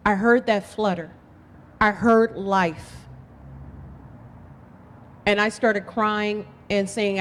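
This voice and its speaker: A woman's voice: mid-range voice, fairly even intonation, drawn-out words, long pauses, a little hiss or hum. Impassioned woman speaking in an echoing hall. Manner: impassioned, emphatic storytelling. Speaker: political candidate. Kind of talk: campaign speech. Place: event hall. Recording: long hall reverb.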